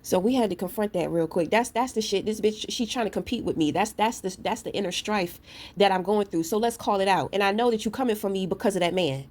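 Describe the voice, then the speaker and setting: A woman, a vlogger and parent, rants straight into her camera, blunt, profane and confrontational, speaking fast in a darkish tone at a middling pitch for a woman. She tells her story in loose, casual talk with plenty of asides to the listener.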